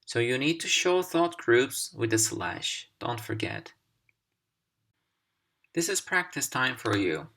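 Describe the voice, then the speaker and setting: A man whose first language is Turkish, teaching a recorded English pronunciation lesson in a deliberate, clearly articulated manner. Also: medium pitch, big pitch swings, pushed and bright. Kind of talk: instructional video lesson.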